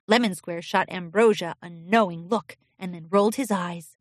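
A woman narrating a children's storybook in an expressive, animated way. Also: mid-range voice, normal speed, no echo, studio quality. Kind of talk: storybook reading.

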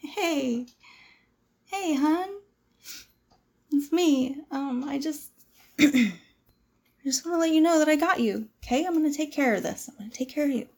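A woman's voice: high voice, measured pace, long pauses, a little hiss or hum. A woman playing a frightened young woman in an audio role-play drama, pleading with a possessive captor. She stammers and drops into whispers. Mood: soothing, shaky.

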